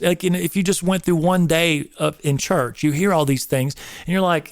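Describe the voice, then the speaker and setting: A man's voice: fairly high pitch, fairly even intonation, moderate pace, hardly any pauses, no room sound, studio quality. A man in his forties giving an emphatic, coach-like talk on faith and marriage, like a drill instructor. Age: 40s. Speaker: host. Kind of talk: casual preaching talk.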